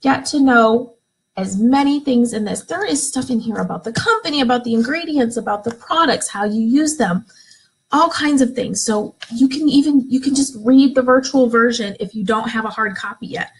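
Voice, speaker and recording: Upbeat encouraging woman, slightly husky. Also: a little high, normal speed, low-quality recording. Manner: upbeat, encouraging, acts out excited examples. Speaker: direct sales team leader. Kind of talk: live video training talk. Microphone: phone or webcam, live stream.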